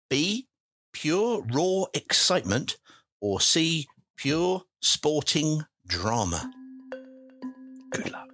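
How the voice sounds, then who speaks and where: A man's voice: medium pitch, fairly bright tone, no echo, clean studio sound. A man hosting a football quiz podcast, reading questions in a playful, sing-song commentary manner. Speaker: quiz host. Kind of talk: football quiz with penalty-shootout framing.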